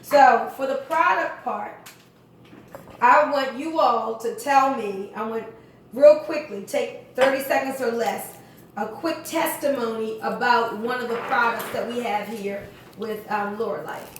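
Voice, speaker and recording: A high-voiced woman leads a home sales meeting, coaching her guests in an upbeat, coaxing way and throwing questions to the group. She sounds far from the mic in a very echoey room, with faint noise behind her. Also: unhurried.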